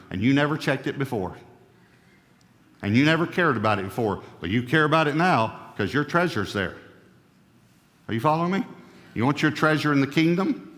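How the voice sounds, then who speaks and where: A man preaching a sermon, emphatic, with a voice that swings up and down in pitch and loudness. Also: in a large hall. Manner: emphatic, rising and falling in pitch and volume. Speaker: pastor.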